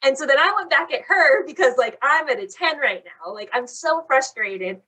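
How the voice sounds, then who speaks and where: A young woman casually telling a long story on a chat podcast, animated and saying "like" constantly. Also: sits high, normal speed. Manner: animated, fills talk with "like". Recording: voice a bit far from the mic.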